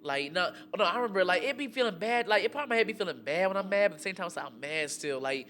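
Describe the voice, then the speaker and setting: A young man co-hosting a radio talk show, telling relationship stories in an animated, slangy way with lots of fillers. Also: high voice, racing. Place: radio studio.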